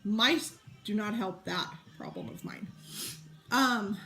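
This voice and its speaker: A woman's voice: medium pitch, takes it slowly, pushed and bright. A woman in her thirties chatting casually to camera, a rambling storyteller full of fillers and asides while she works on a craft project. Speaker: vlogger and mom.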